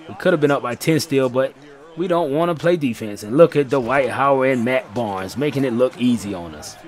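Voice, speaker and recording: Calling a basketball video game in loose, slangy style, this male gaming channel host keeps an excitable energy and mocks his own players. His voice sits at a medium pitch.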